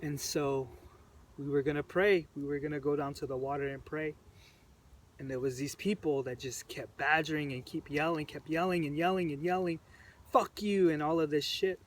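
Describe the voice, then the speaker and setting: A man recounting events to the camera in an earnest, halting way, repeating phrases, his voice emotional and choked up. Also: fairly high pitch, steady tone. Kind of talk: personal storytelling to camera. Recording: distant mic with faint background noise.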